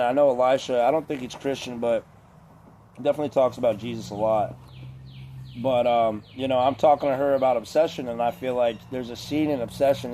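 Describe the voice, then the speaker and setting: Man, casual rambling monologue, mellow voice, lots of swearing and filler words. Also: mid-range voice, slight background noise. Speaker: vlogger.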